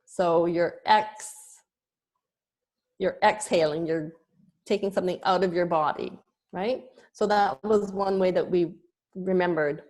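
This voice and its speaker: A woman's voice: on the low side, unhurried, darkish tone. A woman yoga teacher giving an online lesson, explaining terms patiently with small restarts.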